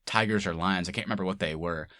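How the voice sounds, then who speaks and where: A man's voice: deep voice, fast, pushed and bright, no room sound, studio quality. A man co-hosting a podcast, chatting casually and laughing often as he retells scenes. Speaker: podcast co-host. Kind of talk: casual chat.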